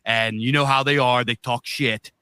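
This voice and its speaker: A man's voice: mid-range voice, steady tone, moderate pace, sharp tone, clean tone, dry recording. A man co-hosting a podcast, telling a long story in a loose, profane, rambling way. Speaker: podcast co-host.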